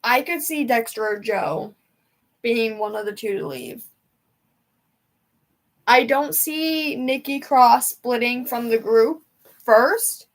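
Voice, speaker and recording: Young woman streamer, rambling and emotional, slightly high voice, casual chat from home. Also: slow, long pauses. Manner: rambling, emotional, chatty fan talk. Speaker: livestream host.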